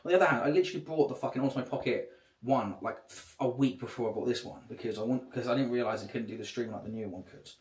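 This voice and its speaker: A man's voice: medium pitch, fast talker. A man chatting casually on a livestream, rambling and swearing a lot. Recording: echoey room.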